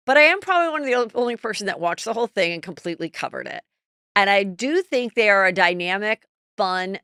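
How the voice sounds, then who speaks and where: A middle-aged woman hosting a podcast, chatting casually and gossiping about celebrities in an animated storytelling way. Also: mid-range voice, no echo, clean studio sound. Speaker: podcast host.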